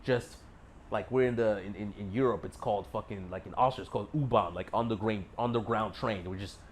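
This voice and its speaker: A man's voice: fairly low pitch, brisk, slight background noise. A young man telling a story casually, boastful and full of swearing, rambling with fillers. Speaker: vlogger.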